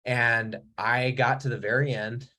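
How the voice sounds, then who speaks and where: A man's voice: mid-range voice, fairly even intonation, measured pace, pushed and bright. A man in his thirties giving a blunt, profane motivational talk to his viewers, telling a story with rising emphasis. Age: 30s. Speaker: mentor. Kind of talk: casual motivational talk to camera.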